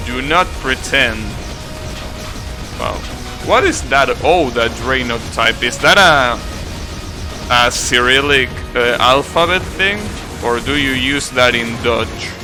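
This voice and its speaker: A man's voice: medium pitch, slow, music in the background. A young man live-streaming a game, chatting casually with viewers in a rambling, self-correcting way, swearing now and then.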